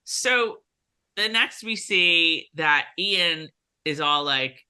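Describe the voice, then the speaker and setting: A woman co-hosting a casual recap chat, with a low, bright voice that swings widely in pitch. She talks in a chatty way, full of fillers and restarts. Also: animated, extremely slow, clean tone. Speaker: podcast co-host.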